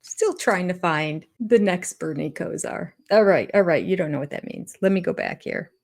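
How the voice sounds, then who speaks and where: A woman's voice: on the low side, animated, normal speed, creaky, a little mellow. An older woman giving sarcastic, amused reaction commentary on a reality show, often laughing. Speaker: YouTube commentator.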